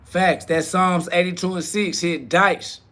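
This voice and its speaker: Steady and sharp in tone, at a measured pace, a man hosts a live self-talk podcast. He preaches with short slogans on repeat and lashes back at quoted critics in crude slang. When he gets heated, his voice cracks up into high shrieks.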